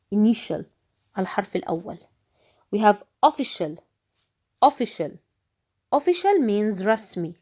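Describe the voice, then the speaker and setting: A woman teaching English vocabulary to middle schoolers in a recorded lesson. She says each word slowly and carefully, repeating it, and her voice sits in a middle pitch. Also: darkish tone. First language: Arabic. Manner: slow, drawn-out repetition of each word, switching into Arabic to explain.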